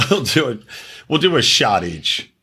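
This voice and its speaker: A man's voice: mid-range voice, sing-song, a little slow, sharp tone, breathy edge. A man co-hosting a podcast, talking in profane, joking casual banter. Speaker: podcast co-host.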